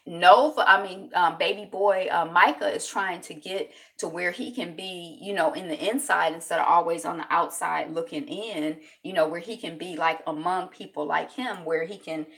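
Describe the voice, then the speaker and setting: A woman vlogger recapping a TV episode in casual, animated talk full of fillers. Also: fairly low pitch, moderate pace, vocal fry, few pauses. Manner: animated, chatty storytelling with many fillers.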